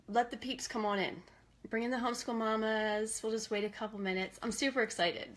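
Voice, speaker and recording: A woman in her thirties hosting a homeschool live video, excitable and goofy, greeting viewers by name and joking about herself. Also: on the high side, fast. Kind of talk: bubbly casual live-stream chat.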